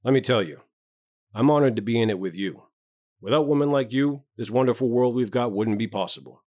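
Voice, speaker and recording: A man reading a story aloud, voicing a towering, self-important male doctor with a booming, hearty manner. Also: a little fast, a little mellow, no echo, clean studio sound, lightly acted. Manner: hearty, booming, bluff joviality.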